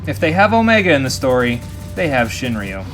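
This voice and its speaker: A man's voice: medium pitch, sing-song, brisk, fairly bright tone, soft background music. A man commentating a live game stream, chatty and jokey. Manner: chatty, jokey, frequent laughs.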